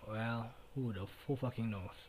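Solo podcast host, late-teen Filipino guy, warm low tone, rambling and profane. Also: normal speed, a little hiss or hum, poor audio. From Philippines. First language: Tagalog. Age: late teens. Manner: heavy swearing, rambling with restarts.

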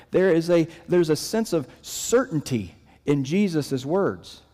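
A man preaching a sermon as pastor, his delivery moving between raised emphasis and hushed, quiet lows. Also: lively intonation, a little slow, hardly any pauses, in a large hall.

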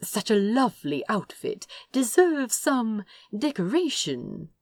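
Woman voicing a fretful gentle young prince. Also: on the high side, sing-song, slow pace, dry recording, clean studio sound, exaggerated voice. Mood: fond. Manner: anxious, fussing, breathy exclamations.

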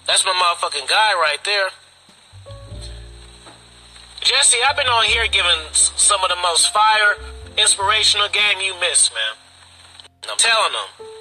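A man's voice: high voice, bright, forceful tone, poor audio. A man hosting a casual podcast monologue, boastful and swaggering, with profane street slang. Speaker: podcast host. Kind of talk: casual live-stream monologue.

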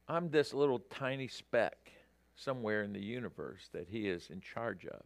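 A man's voice: on the low side, animated, normal speed, creaky, no echo. A man preaching a sermon, addressing the congregation directly and rising to emphatic peaks.

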